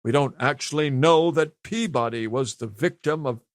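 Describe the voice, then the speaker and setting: A man's voice: medium pitch, moderate pace, no echo, clean studio sound, pitched above the performer's own voice, lightly acted. A man voicing a pompous, blustering older governor who speaks weightily with heavy emphasis. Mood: pompous indignant.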